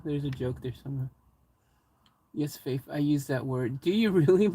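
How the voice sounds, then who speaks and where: A man's voice: medium pitch, normal speed, warm tone, slight background noise. A man hosting a casual live stream from his van, joking and chatting with viewers in the live chat. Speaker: livestream host.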